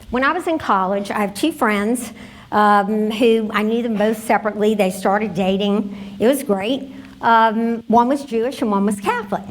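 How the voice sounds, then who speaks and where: Animated woman presenting a workshop. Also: mid-range voice. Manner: storytelling, conversational, addresses audience directly. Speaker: conference presenter. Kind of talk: conference workshop talk.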